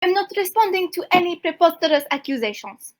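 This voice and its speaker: A woman voicing a haughty young female thief who puts on a deliberately bad foreign accent and dodges every question. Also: very high voice, animated. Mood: indignant. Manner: stiff mock-foreign accent, bad on purpose.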